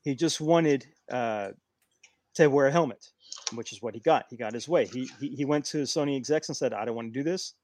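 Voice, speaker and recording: A man's voice: medium pitch, a little fast, darkish tone, slight background noise. A man chatting casually about movies, stammering and repeating words as he goes.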